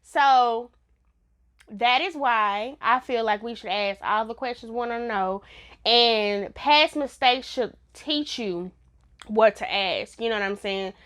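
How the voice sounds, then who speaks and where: A woman's voice: fairly high pitch, takes it slowly, a bit bright. A woman giving a casual, blunt TV review in a vlog, laughing often. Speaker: TV show reviewer.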